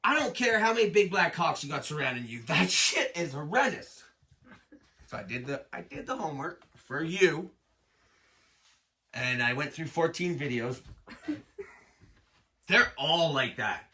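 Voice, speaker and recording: A man performing a raw, profane stand-up set on a small self-built stage, loud and animated. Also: on the high side, unhurried, pauses often, distant mic. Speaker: stand-up comic.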